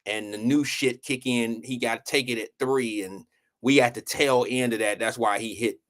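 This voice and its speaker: With a mid-range voice and moderate pace, the host of a live stream show rambles through stories in a casual, profane, animated style. He's from Ohio.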